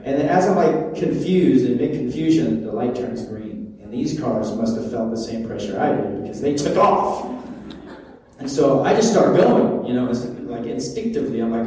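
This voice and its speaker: A man telling a comic story to an audience, animated and acting out his own panic and the voices in his head. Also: medium pitch, fairly quick, a crowd in the background. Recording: roomy hall, voice from far off.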